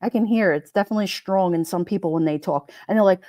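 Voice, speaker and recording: Chatty New York woman, mellow voice. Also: medium pitch, moderate pace, no room sound, clean studio sound. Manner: chatty, wisecracking, laughs often. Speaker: livestream host. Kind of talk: casual live chat reading comments.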